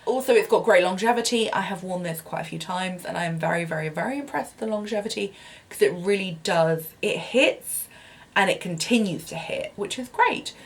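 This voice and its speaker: A woman's voice: fairly low pitch, animated, a little fast. A young woman giving a casual, chatty product review at home, bubbly and self-deprecating with lots of fillers. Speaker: beauty vlogger.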